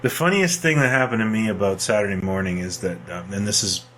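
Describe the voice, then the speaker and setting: A middle-aged man co-hosting a podcast, telling animated anecdotes and laughing as he talks. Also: fairly low pitch, fast talker, slight background noise. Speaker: podcast co-host. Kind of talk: casual nostalgic chat.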